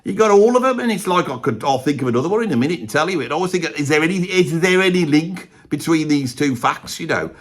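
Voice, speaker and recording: Bloke doing a chatty middle-aged brummie geezer, kinda high voice, rambles and says bloody a lot. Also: male voice, lively intonation, fast talker, hardly any pauses. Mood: rambling grumbling. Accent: Birmingham. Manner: rambling, peppered with "bloody", chummy asides. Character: rambling gossipy Birmingham bloke, ex-roadie. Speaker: comedy character ranking bands. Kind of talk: rambling comic monologue to camera.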